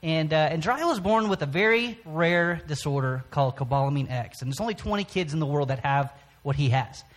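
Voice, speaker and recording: A man giving a personal testimony from the front of a church, speaking in a halting way with frequent pauses and restarts. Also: fairly high pitch, expressive.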